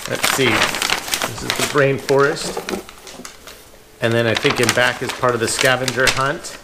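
A woman's voice: very deep voice, fairly even intonation, a little slow, long pauses. A woman co-hosting a casual unboxing video, reading treat labels aloud and cooing at her dogs. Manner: reads product labels aloud, coos at dogs. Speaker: channel co-host. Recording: loud yard-work noise outdoors.

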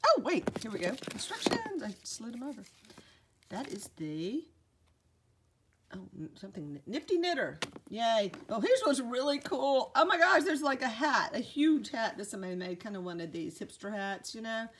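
A woman's voice: a little high, very animated, normal speed, a little hiss or hum. A middle-aged woman, rambling casually as a vlogger and chatting to her dogs. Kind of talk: casual chat.

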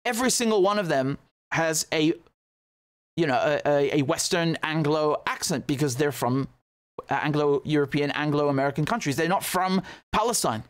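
A man's voice: fairly high pitch, normal speed. A man giving casual political commentary on news clips, indignant and sarcastic, with frequent stumbling restarts.

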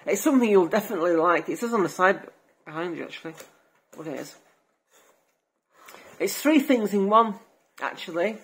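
A middle-aged woman, talking in a cheerful, chatty way as she shows off birthday presents. Her voice sits a little low and she giggles often. Faint noise hums in the background. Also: expressive, normal speed, pauses often, poor audio. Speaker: parent presenting gifts. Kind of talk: casual family vlog chat.

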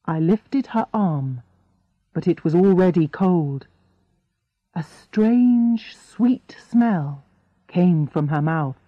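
A woman reads a story for English learners clearly and deliberately. She speaks slowly with a lively, expressive pitch. The recording is dry and a little dull. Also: no echo. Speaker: narrator. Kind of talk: scripted audiobook narration for English learners.

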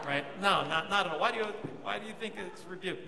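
Young guy pastor, joking about himself in a sermon, high voice, loud hall with people around. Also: quick pace, vocal fry, hardly any pauses. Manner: animated, self-mocking storytelling with quoted asides. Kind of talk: sermon with comic personal story. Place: large church hall. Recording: echoey hall, audience noise.

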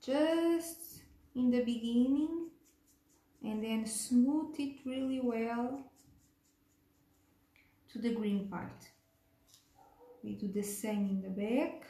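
A woman with a fairly high voice teaches a cake decorating tutorial step by step, gentle and unhurried, pausing with fillers and checking in with "okay?". The room sounds echoey.

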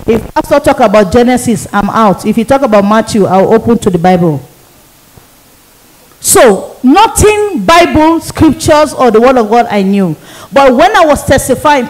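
A woman's voice: a little high, animated, normal speed, a little mellow, rough recording. A woman evangelist, giving an emotional sermon testimony and repeating phrases for emphasis. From Nigeria.

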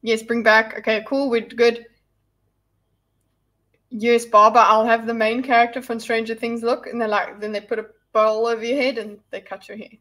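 Brief: woman livestreamer with a slightly high voice, rambling, casual and chatty. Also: little pitch movement, normal speed, fairly bright tone. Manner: rambling and chatty, with frequent restarts and asides. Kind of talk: casual livestream chat answering viewers.

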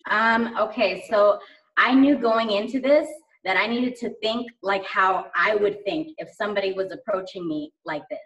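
A woman's voice: mid-range voice, moderate pace, fairly bright tone, far from the mic, low-quality recording. A woman guest chatting casually in an interview, enthusiastic and rambling with lots of fillers. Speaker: guest sharing sales tips.

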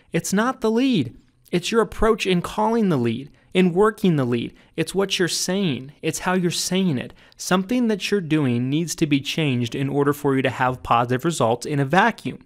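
A man reads his own sales training book aloud in an emphatic, coaching tone. His voice sits at a middle pitch and jumps higher whenever he drives home a key point. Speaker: author narrating his own audiobook.

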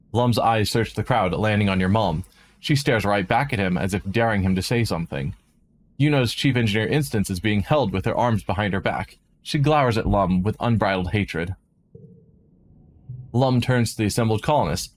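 Guy reading a visual novel out loud on stream, lowish voice, dramatic w/ little asides, faint noise. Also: moderate pace. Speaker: let's play streamer.

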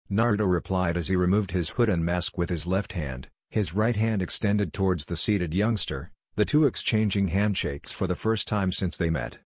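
A man narrating a fan-fiction story in a steady, even reading voice. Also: sits low, brisk, few pauses, no echo, clean studio sound.

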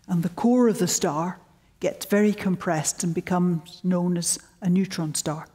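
A woman's voice: lowish voice, normal speed, slightly rough. Older woman telling wry lecture anecdotes. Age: 70s. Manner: wry, storytelling, animated quotes. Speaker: guest lecturer.

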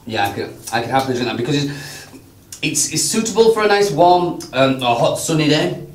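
A man's voice: fairly high pitch, lively intonation, fairly quick. Chatty man, roomy distant sound. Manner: chatty, repeats words while thinking, teasing. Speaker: wine show co-host. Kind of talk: casual wine tasting chat.

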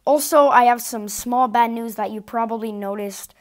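A woman YouTuber chats to her viewers in a high voice. She rambles loosely and hesitates often, padding her thoughts with fillers. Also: normal speed. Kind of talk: casual channel update.

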